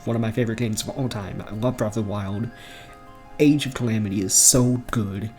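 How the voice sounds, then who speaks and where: A young man rambling excitedly about video games in a casual home vlog, laughing often and swearing casually. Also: on the low side, fairly quick, soft background music. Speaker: gaming vlogger. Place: bedroom at home.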